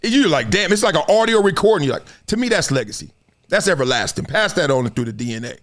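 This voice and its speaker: Animated man telling sports stories. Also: a little high, quick pace. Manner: animated, acts out quotes in raised voices, laughs often. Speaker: show host. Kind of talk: casual storytelling commentary.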